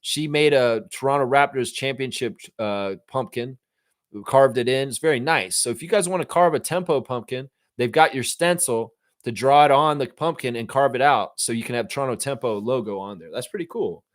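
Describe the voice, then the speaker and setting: A male stream host talks in a loose, unscripted way, often swearing and reading out viewer comments. His voice sits at an ordinary middle pitch. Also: moderate pace. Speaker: host of a fan live stream. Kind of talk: casual live-stream chat.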